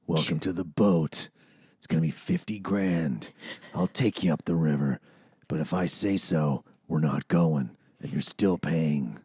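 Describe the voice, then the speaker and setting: A man with a Canadian accent voicing a stern, deep-voiced male riverboat captain who talks slowly and low. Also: a little mellow, breathy edge, no room sound, clean studio sound, heavily acted. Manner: slow, low and rumbling.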